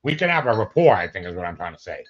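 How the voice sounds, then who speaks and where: A man's voice: deep voice, very animated, rapid-fire, husky. A man co-hosting a casual chat about police footage, joking and rambling, laughing often. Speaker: co-host reacting to police footage. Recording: dull lo-fi audio.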